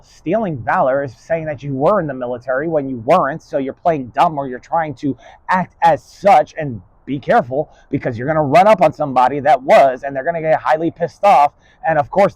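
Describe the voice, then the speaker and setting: Stern, profane male lecturer, rambling lesson delivery, voice on the higher side. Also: a little fast, darkish tone, dry recording, poor audio.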